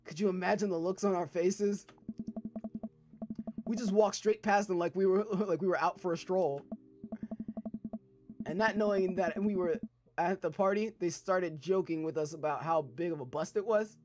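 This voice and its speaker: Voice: medium pitch, moderate pace, long pauses, noisy background. Profane laughing let's play gamer. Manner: loose and profane, breaking into laughter. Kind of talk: casual let's play commentary, reading game text aloud.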